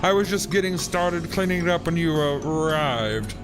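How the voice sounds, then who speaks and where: Guy putting on a lispy creepy innkeeper, high-ish voice, weird stress on words, game music low behind. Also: animated, moderate pace, lightly acted. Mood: smooth denial. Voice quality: exaggerated lisp. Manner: odd word stress, cheerfully sinister. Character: creepy lisping male innkeeper, butcher family. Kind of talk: reading game dialogue aloud.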